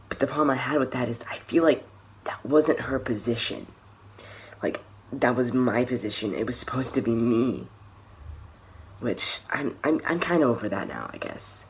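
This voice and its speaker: In a medium-pitched voice, a young man vlogs a personal story, candid yet hesitant. He restarts often and trails off into softer phrases.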